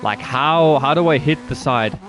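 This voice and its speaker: A man chatting loosely over his racing game, wandering from one silly tangent to the next with crude jokes. His voice sits at a middling pitch, with faint game noise underneath. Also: normal speed. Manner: rambling, jokey, crude humor. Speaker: gaming streamer. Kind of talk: casual gameplay commentary.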